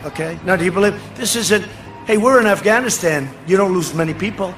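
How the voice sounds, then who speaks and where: An older man giving a boastful, rambling campaign rally speech outdoors, ad-libbing to the crowd and often shouting. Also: high-pitched, a little fast. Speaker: political speaker at a rally. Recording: speech over a faint crowd and noisy ambience.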